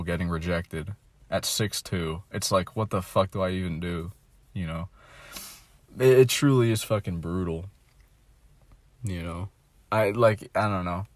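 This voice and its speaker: A man's voice: sits low, no echo. A man in his twenties ventingely rambling in a casual monologue, swearing often and filling his talk with "like" and "you know", recorded on a phone. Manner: rambling, profane, deflated, full of "like" and "you know". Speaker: vlogger.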